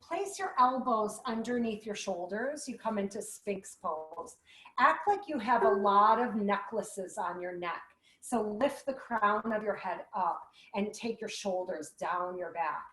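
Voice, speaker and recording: A woman guiding a yoga class with gentle, playful cues. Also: mid-range voice, animated, a little slow. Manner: gentle, playful cueing with animal sounds. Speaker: yoga instructor. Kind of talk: guided yoga class instruction. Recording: echoey room.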